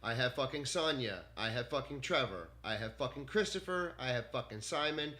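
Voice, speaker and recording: A man in a furious casual rant at an AI chatbot, swearing nonstop and spelling out names slowly. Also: medium pitch, lively intonation, bright, forceful tone. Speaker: gamer venting at an AI chatbot.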